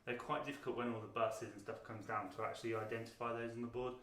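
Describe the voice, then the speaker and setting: A British man in his thirties co-hosting a board game review, talking casually with frequent pauses and fillers. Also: medium pitch, level tone, a bit bright. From Britain. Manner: chatty, hesitant, lots of ums. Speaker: board game channel co-host. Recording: roomy sound, mic at a distance.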